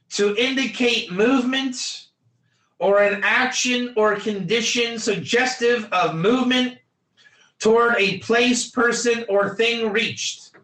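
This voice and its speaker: High, bright-voiced man teaching emphatically. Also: roomy sound. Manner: emphatic, repetitive, quizzes students by name. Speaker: Torah teacher. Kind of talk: energetic classroom lecture.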